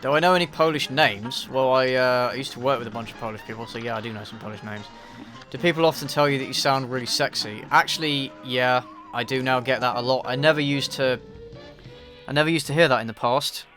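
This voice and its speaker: English man, bright voice, dry self-deprecating stream chat, faint music behind. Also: mid-range voice, brisk. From England. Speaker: YouTube reviewer streaming a game. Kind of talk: casual live-stream chat answering viewers.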